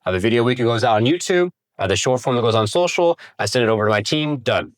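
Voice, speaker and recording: A man giving a casual, energetic workshop talk on real estate marketing, asking the audience questions and swearing now and then. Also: medium pitch, racing. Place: room with a live audience.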